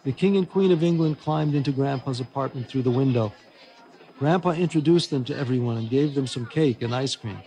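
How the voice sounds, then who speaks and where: An older man reading his own children's book aloud, with expressive storytelling. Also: mid-range voice, a little fast, slight background noise. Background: music.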